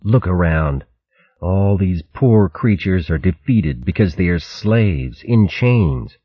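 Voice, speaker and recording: A scarred, fearless female squirrel warrior from a storybook, voiced by a man. She speaks in grim, steady vows of vengeance with a husky, low-set voice. The recording is dry and slightly dull. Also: slow pace, no room sound, exaggerated voice. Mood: vengeful.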